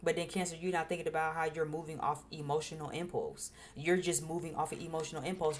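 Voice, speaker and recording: A woman's voice: low-pitched, fairly even intonation, fast, few pauses. A woman giving a casual tarot reading, blunt and profane, who repeats phrases for emphasis. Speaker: tarot reader.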